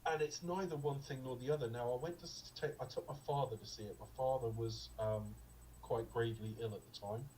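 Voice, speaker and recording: A man's voice: medium pitch, fairly even intonation, fairly quick, a little mellow, distant mic, a little hiss or hum, low-quality recording. Rambling man reviewing films. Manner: rambling, digressive, with frequent ums and asides. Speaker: podcast co-host. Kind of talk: casual film review chat.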